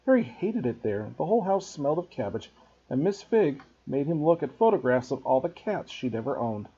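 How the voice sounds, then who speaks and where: A man, a teacher, reading a children's novel aloud to students in an expressive storybook narration. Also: on the high side, moderate pace, breathy edge, muffled recording.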